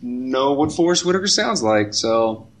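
A man's voice: medium pitch, expressive, unhurried, slight background noise. A man co-hosting a podcast, teasing and wisecracking in casual banter. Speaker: podcast co-host.

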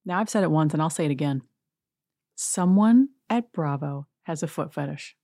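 A woman's voice: low voice, animated, moderate pace, warm tone, dry recording, clean studio sound. A woman hosting a podcast, recapping reality TV in a chatty, gossipy, wry way. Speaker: podcast host.

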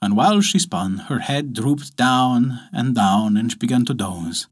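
A man narrating a folk tale as storyteller, lively and expressive. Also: medium pitch, measured pace. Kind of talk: scripted narration.

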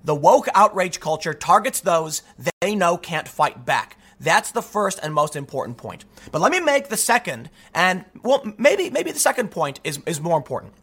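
A man's voice: high-pitched, sing-song, normal speed, hardly any pauses, a bit bright, slightly rough. A man delivering a solo commentary monologue, arguing his point with rhetorical questions and frequent restarts. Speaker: political commentary host.

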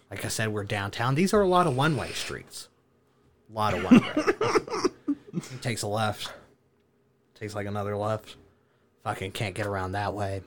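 Young man, casual storyteller, lively swinging pitch, swears and laughs freely. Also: unhurried, pauses often, slight background noise.

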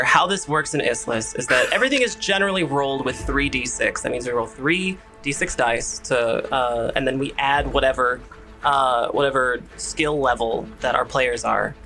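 A man's voice: mid-range voice, normal speed, pushed and bright, soft background music, low-quality recording. A man narrating as game master of a tabletop game, explaining rules in a hesitant way full of fillers.

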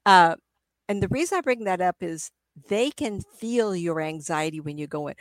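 A woman's voice: fairly low pitch, big pitch swings, normal speed, dry recording. A middle-aged woman, a psychic medium, chatting in an interview and acting out spirits with gasps and laughs. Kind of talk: casual interview talk.

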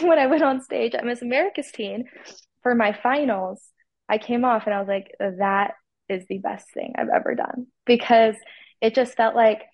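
A woman's voice: a little high, no echo, dull audio. A teenage girl from Utah, a pageant titleholder, telling her story with enthusiasm in a casual interview. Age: teens.

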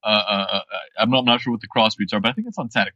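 Bright-voiced man with halting casual talk. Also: lowish voice, dry recording, dull audio. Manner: halting, restarts often, laughs easily. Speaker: podcast co-host. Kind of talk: casual chat.

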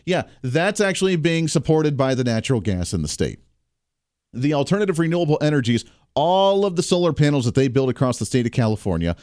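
A male radio talk show host speaks at a middling pitch, working through a solo monologue with sarcastic, lively banter. The studio sound is dry and close, with faint music underneath. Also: no echo. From Kansas, US.

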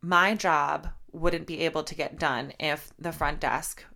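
A woman's voice: low voice, steady tone, a little slow, gravelly, sharp tone. A young woman hosting a casual solo podcast, heartfelt and gushing, teary and close to crying, with lots of repeated words and fillers. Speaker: podcast host and fitness instructor.

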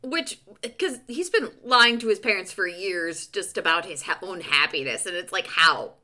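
Woman co-host, wide swooping pitch, quick jokey asides in casual chat. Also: lively intonation, bright, forceful tone. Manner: joking, chiming in with quips and laughter. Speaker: podcast co-host. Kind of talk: casual book-club chat.

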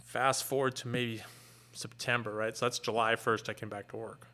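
A middle-aged man, a fire captain, earnestly retelling a painful personal story in a candid, halting way. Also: mid-range voice, flat delivery, bright, forceful tone.

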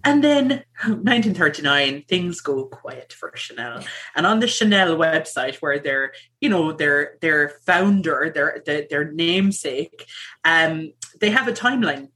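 A woman's voice: low voice, animated, measured pace, fairly bright tone. A woman hosting a casual podcast, chatty and giggly, presenting her research with lots of fillers.

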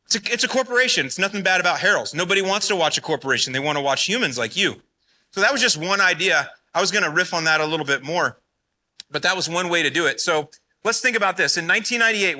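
A man in his forties giving an energetic conference talk, often firing questions at the audience. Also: on the high side. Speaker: conference speaker.

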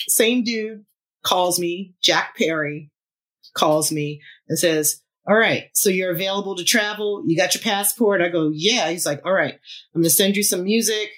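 A woman's voice: on the low side, moderate pace. A woman in her fifties, a musician guest, telling a story in a casual interview, laughing often and acting out the lines of other people. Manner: animated, laughs often, acts out quotes.

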